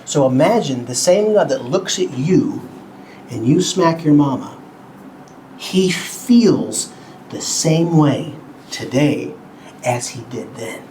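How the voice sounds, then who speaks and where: A man teaching a Bible lesson to children at home, talking slowly and simply, a bit cartoonish, and asking the kids questions. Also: on the high side, lively intonation, dark tone, slight background noise, rough recording.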